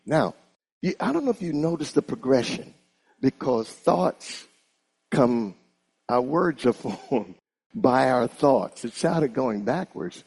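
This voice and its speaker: A man preaching a sermon in an animated style, calling on the congregation to repeat after him. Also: medium pitch, slow pace, slightly rough. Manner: animated, call-and-response with congregation.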